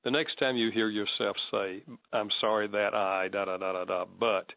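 A man speaking as a guest in a conversational interview, measured and explanatory, acting out sample apologies as he teaches. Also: fairly low pitch, steady tone, pushed and bright, no echo, lo-fi sound.

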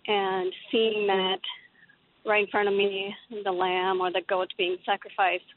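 A woman's voice: mid-range voice, little pitch movement, unhurried, no echo. A woman from Pakistan calling into a radio show, speaking hesitantly with many ums. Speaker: caller. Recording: tinny phone line.

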